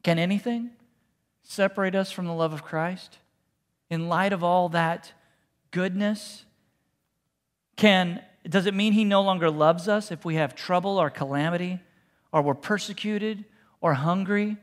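A man preaching a sermon as pastor, talking casually and with humor, then softening to quiet, hushed repetitions. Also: high-pitched, a little slow, pauses often. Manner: conversational, joking preaching that drops to soft, hushed repetitions. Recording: long reverb in a large hall.

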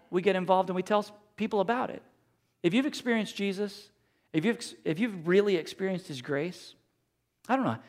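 A middle-aged man preaching a sermon, asking rhetorical questions and acting out quotes. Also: high-pitched. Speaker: pastor.

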